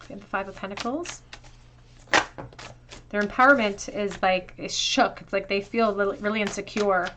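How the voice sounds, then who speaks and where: A woman doing a pick-a-card tarot reading to camera, talking in a flowing, reflective way and going softer as she pulls cards. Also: mid-range voice, moderate pace, noisy background. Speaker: tarot reader.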